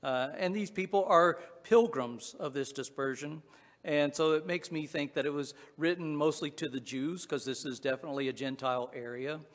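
A man's voice: a little high, moderate pace, big-room sound. A man with a Southwest Virginia accent preaching a sermon in a folksy, conversational way, with frequent restarts and fillers. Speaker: pastor.

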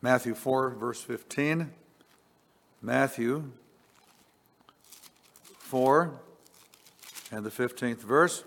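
A man delivers a sermon at an unhurried pace, dwelling on each phrase. He lifts his voice to stress scripture and drops low for asides, and a long reverb hangs behind his medium-pitched voice. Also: vocal fry. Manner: slow, deliberate, swells on scripture then drops quiet. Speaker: preacher.

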